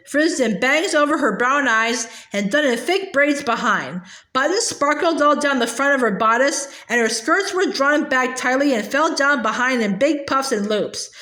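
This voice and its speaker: A woman reading a children's book aloud in a halting way, with fillers and restarts. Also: high-pitched, bright, forceful tone. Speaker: reader. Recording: echoey room.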